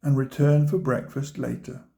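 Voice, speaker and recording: A man reading a children's storybook aloud, gently pointing out the pictures to his listeners. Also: mid-range voice, level tone, normal speed, gravelly. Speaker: storybook reader.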